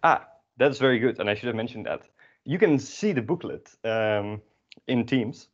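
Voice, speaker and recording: A man's voice: medium pitch, expressive, moderate pace, highs cut off. A man teaching an online language class in a casual, self-mocking way, with many fillers.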